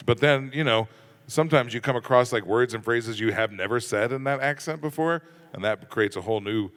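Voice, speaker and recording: Male panelist with a low, clear, resonant voice, casual and chatty, in an echoey hall. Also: brisk, fairly bright tone. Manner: loose, joking, lots of fillers like "you know" and "uh". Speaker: voice actor on a convention panel. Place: large convention hall.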